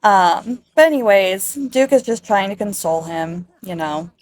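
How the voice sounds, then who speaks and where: A woman's voice: mid-range voice, animated, measured pace, a little mellow. A woman giving casual, wry let's-play narration over a life-sim game. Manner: chatty, wry commentary on the game. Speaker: gameplay narrator.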